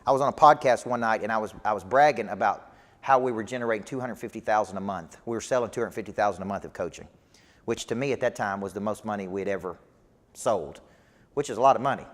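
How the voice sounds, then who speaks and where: Speaking quickly in a fairly low voice, a male business coach delivers a motivational speech to a live audience. His rallying style is emphatic and repetitive, and a long hall reverb trails his words.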